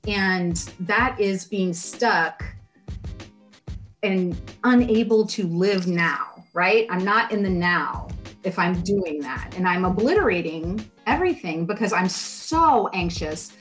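A middle-aged woman, a life coach, talking as a podcast guest in a lively, expressive way with playful asides. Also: lowish voice, takes it slowly, faint music behind. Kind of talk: podcast interview.

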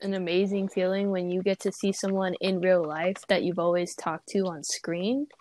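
A woman's voice: on the low side, flat delivery, moderate pace, a little mellow. A young woman co-hosting a casual chat, talking in a laid-back, reflective way. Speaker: co-host.

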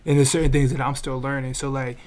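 A man on a casual podcast speaking in relaxed slang, full of restarts and "you feel me" asides. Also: medium pitch, fast talker. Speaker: podcast co-host.

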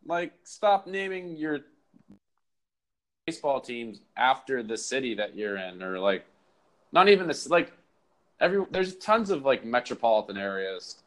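A man in casual podcast chat, swearing freely and slipping into joking bits. His voice sits at an ordinary middle pitch. He talks loose and off the cuff. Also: very animated, measured pace, long pauses, a bit bright. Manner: loose and profane, riffing in bits. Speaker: podcast co-host.

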